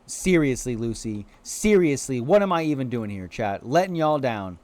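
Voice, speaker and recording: Lively, animated male game streamer. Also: mid-range voice, normal speed, few pauses. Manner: chatty, talks to chat and to game creatures; playful, apologetic asides. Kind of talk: casual livestream commentary.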